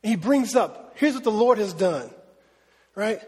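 Man, pastor, sermon, conversational, asks questions, high husky voice, long reverb. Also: animated, unhurried, darkish tone.

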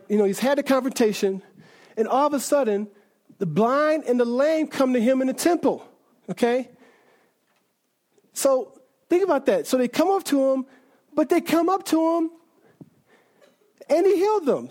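A high-voiced preacher gives an informal, animated sermon. The delivery is conversational, with frequent check-ins asking the audience to agree and plenty of restarts and self-corrections.

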